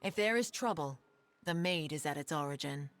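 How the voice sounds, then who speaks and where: A solemn fae elder. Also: female voice, sits low, expressive. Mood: grave. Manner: formal, measured, archaic. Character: solemn immortal fae woman, storyteller. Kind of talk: game voice acting.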